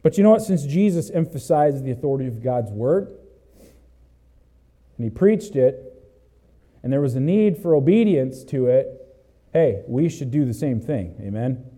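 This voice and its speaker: A male pastor preaching a sermon emphatically, swinging between loud exhortation and hushed asides, and calling out "Amen?" to the congregation. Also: mid-range voice, expressive, normal speed, long pauses.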